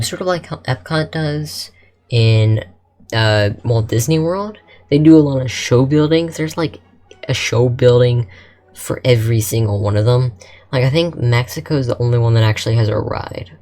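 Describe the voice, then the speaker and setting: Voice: mid-range voice, normal speed, a little mellow. A content creator talking casually over building-game footage, rambling with lots of fillers and restarts. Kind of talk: casual gameplay commentary.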